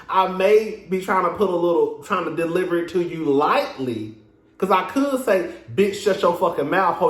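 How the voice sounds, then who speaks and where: A man giving casual commentary as a reality TV reviewer, sassy and profane, laughing often. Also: sits high. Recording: echoey room.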